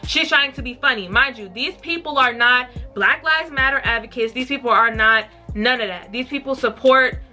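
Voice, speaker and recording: A young woman vlogger telling a story in a blunt, profane and animated way. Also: a little high, moderate pace, hardly any pauses, faint music behind. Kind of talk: casual storytime.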